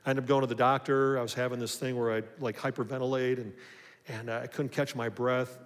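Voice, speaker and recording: A man's voice: mid-range voice, fast talker. Man preaching a sermon in a big hall. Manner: storytelling, lively, building to emphatic points. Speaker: pastor. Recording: long hall reverb.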